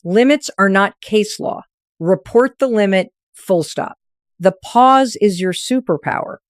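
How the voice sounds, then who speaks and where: A woman's voice: mid-range voice, unhurried, no room sound, clean studio sound. A woman narrating a scripted motivational talk, coaching firmly in short, punchy phrases.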